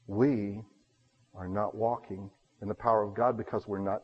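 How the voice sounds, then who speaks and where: A man preaching a sermon, telling homey stories and swinging between loud bursts and hushed asides. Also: lowish voice, steady tone, normal speed, breathy edge, long reverb tail, highs cut off.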